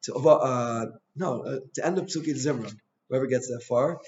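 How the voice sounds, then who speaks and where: A man, a rabbi, giving an informal Torah class in a chatty, anecdotal way with quick asides. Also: medium pitch, a little mellow. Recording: dull lo-fi sound.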